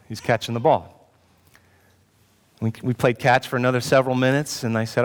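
In a church hall with an audience, a male pastor delivers a sermon built around a self-mocking personal story and jokes with the congregation. He speaks briskly in a mid-range voice and pauses often. The recording carries long hall reverb.

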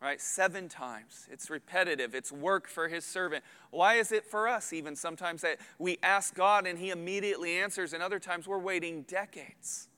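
Pastor guy preaching, bright clear voice, earnest, gets loud on big points, long hall echo. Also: high voice, moderate pace, few pauses. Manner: earnest, builds to loud emphatic peaks. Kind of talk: sermon.

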